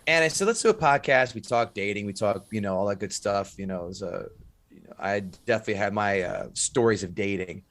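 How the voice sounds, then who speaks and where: A man's voice: on the low side, lively intonation, brisk, fairly bright tone, no echo. A man who is a stand-up comic, telling stories animatedly in a casual podcast chat, swearing and acting out quotes.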